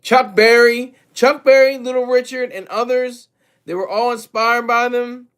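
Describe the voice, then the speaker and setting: A man's voice: extremely high pitch, fairly even intonation, unhurried, a bit bright, clean tone. A man streaming live, commenting on music and answering his chat in a loose, rambling way, often repeating and correcting himself.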